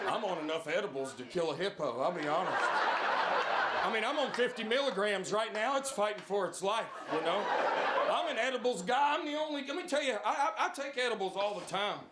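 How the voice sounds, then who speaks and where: A man with a Southern US accent performing stand-up comedy with worked-up, exasperated storytelling, breaking into loud put-on voices. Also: sits high, lively intonation, fairly quick, very noisy. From American South. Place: comedy club stage. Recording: live club with crowd laughter. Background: audience laughing.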